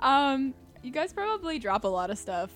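A young woman, slowly narrating a tabletop game as game master, with lots of ums. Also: high-pitched, sing-song, fairly bright tone, soft background music. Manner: unhurried, giggly, with many ums.

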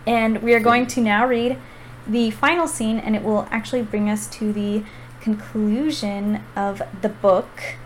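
A young woman hosting a book podcast, chatty and excitable, reading narration aloud. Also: a little high, unhurried, slight background noise, low-quality recording. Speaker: podcast host. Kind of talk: casual chat and reading aloud.

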